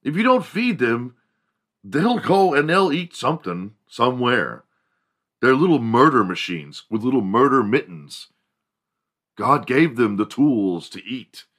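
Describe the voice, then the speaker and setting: A man hosting a podcast, telling a casual comedic monologue in a profane, animated way. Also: medium pitch, a little slow. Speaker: podcast host.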